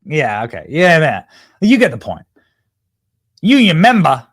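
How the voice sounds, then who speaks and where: Speaking directly to his viewers, this political commentary host launches into an emphatic, heated monologue full of repetition. His medium-pitched voice swoops wildly up and down at a moderate pace, and there is noticeable background noise.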